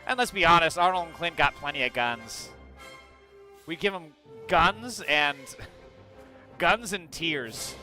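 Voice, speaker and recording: A man's voice: fairly high pitch, expressive, slow, pauses often, pushed and bright, faint music behind. Profane, sarcastic young man ranting. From United States. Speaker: political commentator. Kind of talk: casual reaction commentary reading news aloud.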